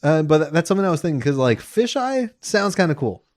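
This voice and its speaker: A man's voice: a little high, very animated, fast, a little mellow. A young man co-hosting a podcast, chatting casually, laughing often and joking crudely. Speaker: podcast co-host. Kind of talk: casual chat.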